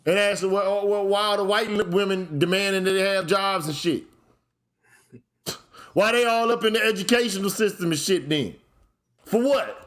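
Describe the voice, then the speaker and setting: Man, high-pitched, blunt and profane, casual solo commentary. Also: normal speed. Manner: blunt and profane, heats up into shouting rants. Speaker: channel host.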